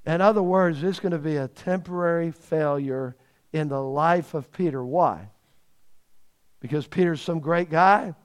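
Male preacher, high voice, emphatic sermon, repeats words for stress, loud then hushed. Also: a little slow, clear, resonant tone. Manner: swings between loud and hushed delivery.

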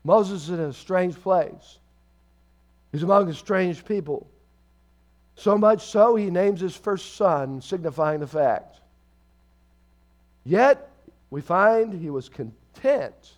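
Man, pastor preaching, high voice, call-and-response with congregation, loud bursts and soft asides. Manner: swings between loud emphatic bursts and low quiet asides. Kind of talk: sermon.

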